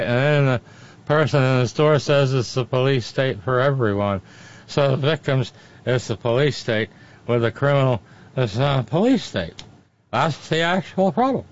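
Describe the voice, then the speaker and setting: Brief: man as tipsy, outraged woman pundit; slurred rant, mid pitch, dull audio. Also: lightly acted. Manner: rambling, stumbling over words, outraged.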